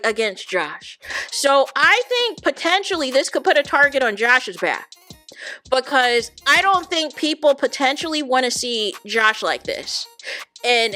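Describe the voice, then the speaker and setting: A woman with a high, bright, forceful voice recaps reality TV in a casual, animated commentary. She talks straight to her viewers, stacking repeated words for emphasis. Faint music sits low behind her. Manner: animated, addresses viewers as "y'all". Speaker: reality TV reaction host.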